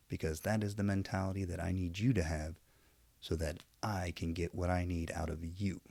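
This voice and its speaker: Low-voiced rambling preachy man. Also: creaky, a little mellow, no echo. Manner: rambling, preachy, self-aware, frequent trailing asides. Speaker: vlogger. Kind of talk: casual opinion monologue.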